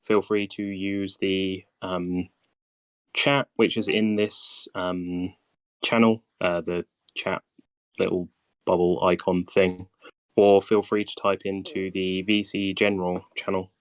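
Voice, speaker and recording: A man's voice: low-pitched, little pitch movement, takes it slowly, clean tone, dry recording. Guy running a voice chat guide, lots of ums, voice wearing out, dry close sound. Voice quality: hesitant, many ums and restarts. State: voice tiring. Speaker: game guide host. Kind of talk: casual voice-chat guide session.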